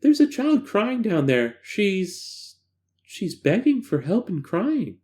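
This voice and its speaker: A man's voice: sits high, sing-song, slow, a little mellow, voice pushed up, heavily acted. A man voicing an uneasy young female test subject in a light, airy, wistful voice. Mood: scared.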